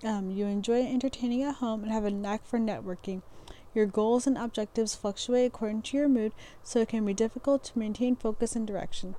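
A woman's voice: fairly high pitch, a little fast, dark tone. A young woman hosting a podcast, reading astrology descriptions aloud in a loose, casual way, stumbling over words, restarting lines and laughing at herself. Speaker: podcast host.

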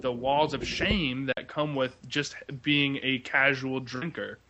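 A man co-hosts a relaxed film podcast. He talks at length and keeps stopping on "uh" and "um" as he gathers his thoughts. He sounds like a regular on the show. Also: mid-range voice, slow pace, lo-fi sound, slight background noise. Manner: rambling, many "uh" and "um" fillers. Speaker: podcast co-host. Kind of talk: casual film podcast chat.

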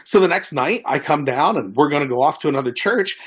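Man, raspy and a touch high, animated testimony storyteller who voices the people he quotes. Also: a little fast. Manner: animated, acts out quoted dialogue.

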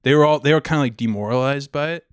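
A man co-hosting a casual comedy podcast, rambling with restarts and trailing off quietly. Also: mid-range voice, very fast, smooth, no echo, clean studio sound. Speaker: podcast co-host.

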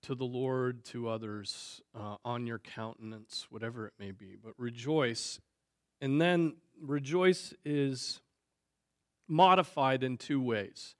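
A man leading a Bible discussion, thinking aloud at a measured pace with frequent fillers. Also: mid-range voice, no echo, clean studio sound. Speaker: Bible teacher. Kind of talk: teaching discussion on Scripture.

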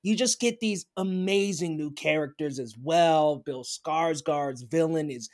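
A man's voice: on the high side, measured pace. A man co-hosting a casual film review chat, talking enthusiastically and emphatically. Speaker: podcast co-host.

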